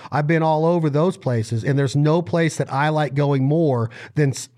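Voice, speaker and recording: A man's voice: a little high, moderate pace, dark tone. A man from Reno, Nevada, talking as a podcast guest in earnest, rambling conversational storytelling full of restarts and repeated words.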